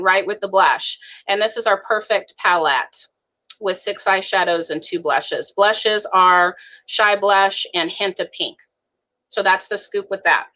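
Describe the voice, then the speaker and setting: Woman, bright clear voice, casual live makeup tutorial, chatty, names each shade, video call. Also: medium pitch, poor audio. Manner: chatty, lists shade names one by one, laughs at herself. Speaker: beauty director giving a makeup demo.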